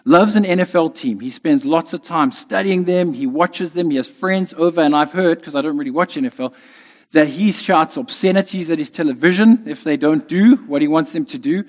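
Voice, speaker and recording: A man with a fairly high, darkish voice moves at a moderate pace through a sermon, keeping it conversational and regularly asking "right?" The hall gives the lo-fi, dull recording a long reverb.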